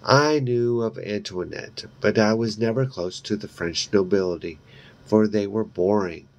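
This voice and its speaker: Slow, gravelly male reader. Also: on the low side. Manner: slow, deliberate reading with brief asides. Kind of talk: reading a horror novel aloud.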